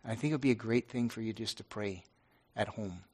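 A middle-aged pastor speaking earnestly and haltingly to his congregation, with many restarts. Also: on the low side, a little mellow. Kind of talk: informal devotional talk to a congregation.

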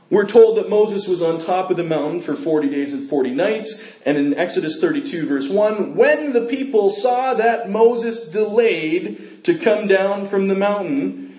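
A male preacher reads scripture and preaches in an expressive, dramatic style. His voice sits slightly high, and his pace and pitch swing widely. The sound carries an echoey room ring. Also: moderate pace. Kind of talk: sermon with scripture reading.

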